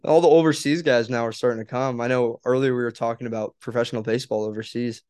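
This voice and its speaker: Relaxed male podcast host chatting casually, swearing freely and laughing easily. His voice sits at a medium pitch. The recording is close and dry, with no room sound. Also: quick pace, smooth, dry recording. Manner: laid-back, swears often, laughs a lot. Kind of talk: casual chat.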